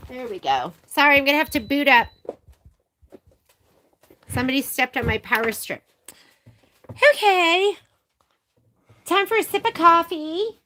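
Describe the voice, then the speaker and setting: A middle-aged sewing shop host runs a tutorial vlog in a high, sing-song, pushed and bright voice at a moderate pace, pausing often. She gushes through rambling stories full of fillers, captured by a camera on a filming arm.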